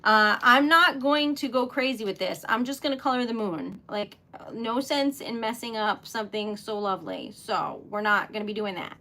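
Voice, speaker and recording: A woman's voice: a little high, moderate pace, hardly any pauses. Chatty giggly young woman. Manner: chatty and self-deprecating, giggly, gushes excitedly. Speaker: livestream host making wax seal stickers. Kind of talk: casual livestream chat while crafting.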